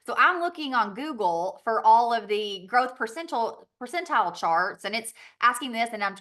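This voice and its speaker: A woman's voice: fairly high pitch, expressive, moderate pace, few pauses, bright, forceful tone. A woman with a Southern US accent giving a chatty training talk on a team call, laughing often and acting out little quoted exchanges.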